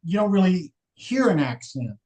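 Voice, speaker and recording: A man's voice: sits high, very animated, moderate pace, a little mellow, rough recording. A man from Texas chatting casually as a livestream guest, easygoing and telling stories. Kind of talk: casual chat.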